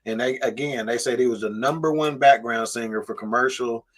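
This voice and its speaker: A man's voice: medium pitch, brisk. A man co-hosting a casual review podcast, telling stories and acting out quotes. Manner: animated storyteller, acts out quotes. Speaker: podcast co-host. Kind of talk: casual chat.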